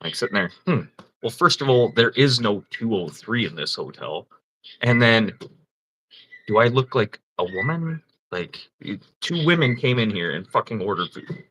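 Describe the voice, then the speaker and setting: Fairly low-pitched and very animated, his voice comes across pushed and bright at a moderate pace. He's a livestream host chatting casually, laughing often through rambling, profane stories, all on poor audio.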